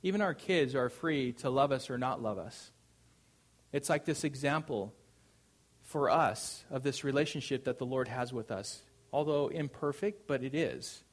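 A man's voice: medium pitch, normal speed. A man preaching a sermon, speaking conversationally with frequent fillers and restarts. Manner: conversational preaching with fillers, rising to loud proclamation.

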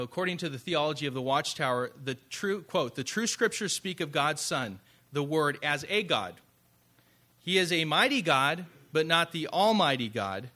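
Man, pastor, sermon, bright forceful tone, conversational, rhetorical questions. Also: fairly high pitch.

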